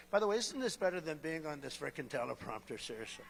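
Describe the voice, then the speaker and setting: A man with a notably high voice riffs off-script at a campaign rally, boastful and rambling, doubling back on his own phrases with sarcastic asides. His words ring out with a long reverb trailing through a big venue. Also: sing-song, quick pace, gravelly, few pauses, a little hiss or hum. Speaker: political speaker at a rally.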